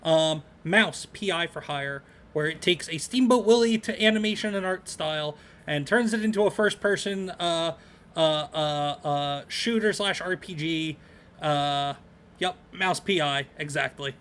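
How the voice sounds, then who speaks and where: A man's voice: fairly high pitch, measured pace, fairly bright tone. A man co-hosting a casual podcast about games, rambling with lots of ums and uhs. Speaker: podcast co-host.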